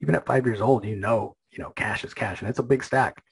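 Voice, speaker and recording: A man's voice: mid-range voice, fast, vocal fry, husky, rough recording. A man hosting a comic book podcast, casually retelling a story with many fillers and restarts.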